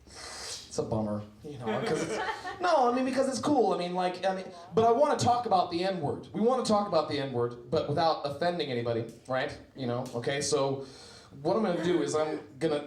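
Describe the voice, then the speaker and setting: A man performing a loose, rambling stand-up set in a small comedy club, with sudden shouted bits. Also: a little high. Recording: echoey club room with crowd laughter. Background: audience laughter.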